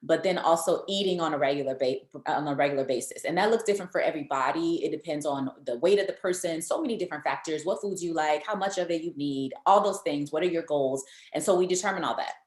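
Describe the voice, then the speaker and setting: Low-voiced woman nutrition coach, echoey. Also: fast talker, few pauses, darkish tone. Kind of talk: explanatory coaching talk. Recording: echoey room.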